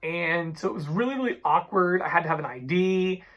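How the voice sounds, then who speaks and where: A young man in his twenties from Ohio, telling stories in a casual, chatty vlog with animated, exasperated energy. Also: high-pitched, a little fast. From Ohio, USA. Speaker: couponing vlogger.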